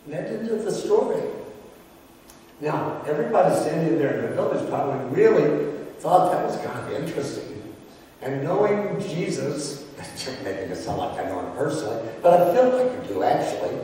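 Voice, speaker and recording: A male pastor preaching a sermon, telling a story with emphasis and dramatic pauses. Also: on the high side, very animated, warm tone, a little hiss or hum. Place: large church sanctuary. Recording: echoey hall from far off.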